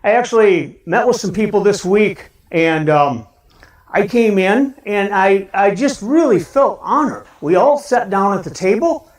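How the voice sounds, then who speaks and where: A man with a Midwestern American accent preaching a lively sermon as pastor, asking his congregation questions. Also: high-pitched, measured pace. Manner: animated, shouts a cheerful greeting, talks to the congregation with questions. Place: church sanctuary. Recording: roomy church sound from a distance.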